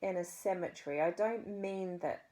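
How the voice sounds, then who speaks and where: Expressive New Zealand woman storyteller. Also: fairly low pitch. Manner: expressive, dramatic pauses. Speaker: children's story reader. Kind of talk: reading a children's book aloud.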